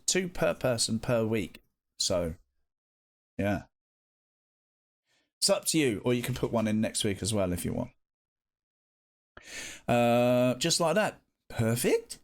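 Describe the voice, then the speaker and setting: A man chatting casually with viewers on a live stream, playful and animated, breaking into sing-song greetings. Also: a little high.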